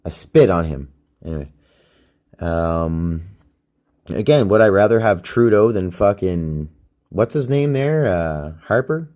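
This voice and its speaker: A man's voice: deep voice, expressive, slow pace, long pauses, a little mellow. A man hosting a solo podcast, rambling and ranting with heavy swearing, recorded on a phone used as a microphone. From Canada. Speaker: podcast host.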